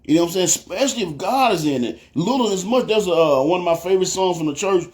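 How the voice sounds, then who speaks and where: Fast-talking preacher man. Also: high-pitched, expressive, a little mellow. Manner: storytelling with frequent "you know what I'm saying". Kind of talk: testimony sermon.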